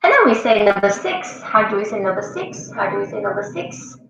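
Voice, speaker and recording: A woman teaching a class of children, speaking slowly and repeating each sound many times for the pupils to copy. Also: mid-range voice, very animated, vocal fry, fairly bright tone. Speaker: Mandarin teacher. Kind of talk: classroom language lesson. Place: school classroom. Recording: far-off mic in an echoey classroom, dull sound.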